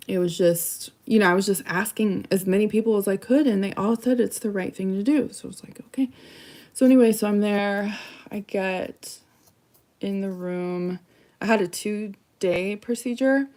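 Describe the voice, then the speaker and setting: This is a woman in her forties sharing a painful personal story on camera. Her voice sits slightly low, and she speaks in a halting, soft way, pausing and trailing off, at times almost whispering. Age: 40s. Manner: halting and soft, often dropping to a near whisper. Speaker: vlogger.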